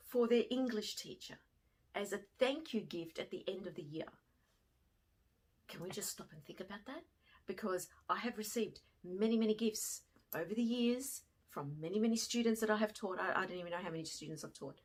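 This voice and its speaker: Woman from Australia, middle-aged vlogger, breathy voice, animated storytelling. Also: mid-range voice. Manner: animated, swings from hushed to excited. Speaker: fashion vlogger and former teacher. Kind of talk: emotional storytelling to camera.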